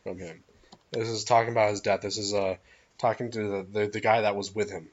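A man co-hosting a casual podcast, telling stories in a relaxed, rambling way with lots of restarts. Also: lowish voice, a little fast, lo-fi sound. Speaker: podcast co-host. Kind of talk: casual chat.

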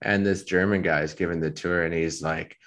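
Deep-voiced man rambling casually. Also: fairly quick. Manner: rambling, deadpan storytelling with many fillers. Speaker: podcast co-host. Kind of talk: casual chat.

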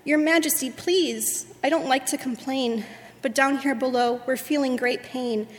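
A woman's voice: sits high, measured pace, in a large hall. A woman voicing a humble, tired little male turtle who pleads politely. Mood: pleading.

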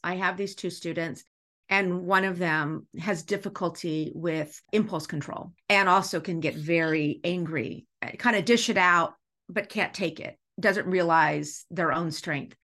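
Brief: middle-aged woman, lowish voice, school director telling a heartfelt classroom story, animated and emotional. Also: measured pace. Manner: animated, acts out dialogue while telling stories; emotional, laughs easily. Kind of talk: storytelling in a podcast interview.

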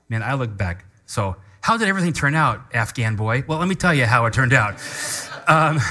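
Bright-voiced pastor preaching with passion. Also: male voice, medium pitch, moderate pace. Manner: passionate, rising to loud emphatic scripture reading; leads congregation in call-and-response. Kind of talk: sermon.

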